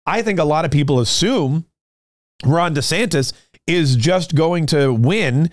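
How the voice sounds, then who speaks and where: A man's voice: on the high side, animated, measured pace, no echo, clean studio sound. A man hosting a podcast, talking casually and rambling with many restarts as he plugs merchandise and discusses politics. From United States. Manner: rambling, conversational, frequent restarts. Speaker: podcast host.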